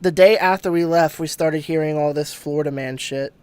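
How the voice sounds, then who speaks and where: A man hosting a casual podcast, relaxed and laughing easily as he asks questions. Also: on the high side, a little fast.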